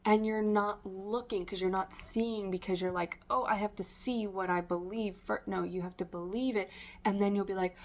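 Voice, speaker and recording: A woman's voice: mid-range voice, steady tone, moderate pace, darkish tone. Rambling woman giving a tarot reading. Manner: rambling, stream-of-consciousness, many fillers. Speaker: tarot reader. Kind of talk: casual spiritual reading to camera.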